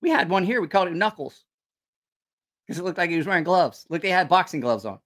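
A man's voice: high voice, animated, fast talker, fairly bright tone. A man hosting a casual live stream who rambles, swears freely and loses his train of thought. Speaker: knife channel livestream host. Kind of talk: casual livestream chat.

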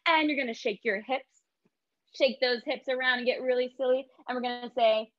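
A cheerful woman guides a movement warm-up for kids in a sing-song voice. Her voice sits fairly high. The sound is dry and a little lo-fi. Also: a little fast, no room sound. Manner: upbeat, sing-song, leads call-and-response with voices. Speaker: teaching artist.

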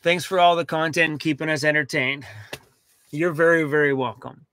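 A young man chatting casually to viewers from inside his van, lively and talkative, fussing over his dog. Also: a little high, normal speed, no echo. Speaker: van life vlogger. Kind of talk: casual livestream chat.

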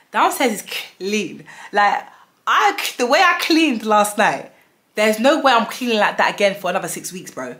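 A woman in her thirties, a vlogger telling a storytime tale in an animated, dramatic way, full of fillers. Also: medium pitch. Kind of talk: storytime vlog.

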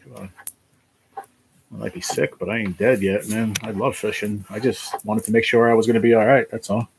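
A man's voice: lowish voice, little pitch movement, moderate pace, vocal fry, slight background noise. A man hosting a casual live stream from a basement room, chatting in a laid-back, rambling way and calling his viewers man and bro.

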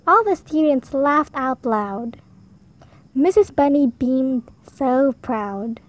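A woman reading a rhyming picture book aloud for young children, in a slow, sing-song read-aloud manner. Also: high voice, lively intonation. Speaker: storybook reader. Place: home.

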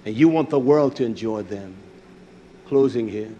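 A middle-aged man preaching a fiery, blunt sermon, who jumps from shouted lines to low mutters. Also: normal speed, highs cut off.

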